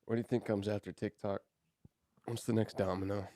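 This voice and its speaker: A man's voice: lowish voice, little pitch movement, a little fast, warm tone, dry recording. A young man in his twenties co-hosting a podcast, rambling in a laid-back way with lots of "dude" and "like". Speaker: podcast co-host. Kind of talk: casual chat.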